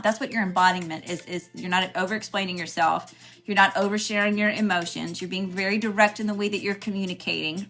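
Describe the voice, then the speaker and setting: A woman's voice: medium pitch, bright, forceful tone. A woman hosting a spiritual livestream, chatting casually and greeting viewers by name.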